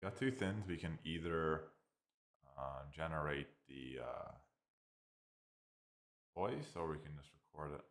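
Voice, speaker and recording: A man with an Irish accent casually walking through software, hesitant and thinking aloud with many fillers. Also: rumbling low, measured pace, pauses often, roomy sound. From Ireland. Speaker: tech reviewer. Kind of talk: casual screen-recorded software walkthrough.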